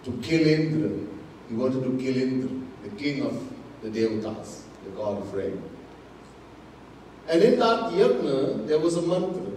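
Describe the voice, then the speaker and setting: Slow, emphatic Trinidadian swami in an echoing hall. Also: male voice, mid-range voice, big pitch swings, a little mellow, a little hiss or hum. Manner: slow, emphatic teaching, mixing Hindi and Sanskrit terms, repeating key words. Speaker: swami giving a Gita discourse. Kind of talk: sermon. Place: large temple hall. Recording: distant mic in an echoey hall.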